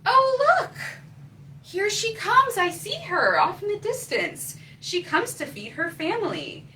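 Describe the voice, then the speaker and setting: Slow sing-song woman reading to kids. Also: very high-pitched, sing-song, pushed and bright, recorded from a distance, rough recording. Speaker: children's librarian. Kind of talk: children's story time reading. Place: library. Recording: faint room noise, voice from off-mic.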